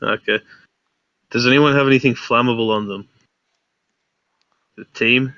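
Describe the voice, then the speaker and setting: A male player in a tabletop game, talking in a level, even tone with a very bright, sharp edge. He asks plainspoken questions about the game. The recording is dry and dull, like lo-fi voice chat. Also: medium pitch, a little slow, no room sound.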